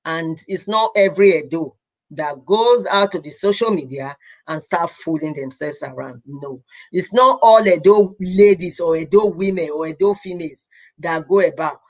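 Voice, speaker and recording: A woman's voice: fairly low pitch, normal speed. A young adult woman from Edo State in Nigeria, with a Nigerian accent, hosting a casual live stream as a healthcare professional. She talks earnestly and pleads, repeating her words and slipping into Pidgin.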